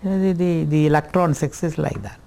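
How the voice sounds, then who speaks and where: Slow contemplative male spiritual teacher. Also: fairly high pitch, vocal fry, dark tone. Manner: slow, contemplative, repeats phrases; chants Sanskrit words slowly. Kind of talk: scripture talk at a retreat.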